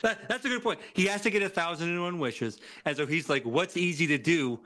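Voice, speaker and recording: A man who is a guest on a podcast, chatting casually about horror movies with a measured, dryly humorous delivery. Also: high-pitched, animated, pushed and bright. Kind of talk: casual movie review chat.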